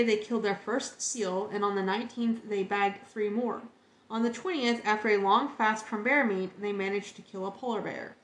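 A woman's voice: a little high, roomy sound. A woman hosting a podcast, reading encyclopedia entries aloud in an earnest, heartfelt way. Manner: earnest, emotionally moved reading.

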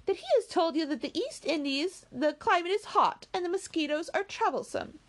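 A woman voicing an impetuous, passionate young woman who speaks with excited scorn. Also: fairly high pitch, moderate pace, natural voice. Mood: scornful.

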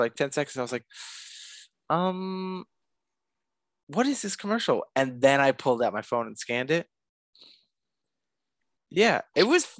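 A man's voice: mid-range voice, no echo, clean studio sound. A man co-hosting a podcast in casual, chatty conversation. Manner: animated, chatty. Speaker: podcast co-host. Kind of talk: casual chat.

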